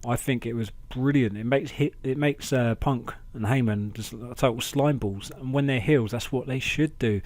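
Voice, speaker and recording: A man hosting a casual wrestling review podcast, chatty and excitable, talking into a close mic at home. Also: mid-range voice, moderate pace, few pauses, no room sound. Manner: chatty, excitable, acts out quotes in raised voices. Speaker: podcast host.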